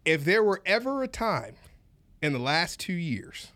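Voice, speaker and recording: A man's voice: high-pitched, sing-song, unhurried, pushed and bright, no echo. A man hosting a casual talk show, emphatic and conversational, repeating words as he builds a point. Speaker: host. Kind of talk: casual political chat.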